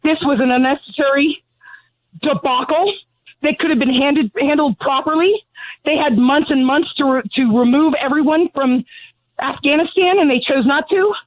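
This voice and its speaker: A woman's voice: high voice, normal speed, no room sound. Angry middle-aged woman on a phone line. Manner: angry, blunt, ranting. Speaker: grieving mother calling in. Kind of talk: phone interview. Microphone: telephone. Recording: tinny phone line, dry.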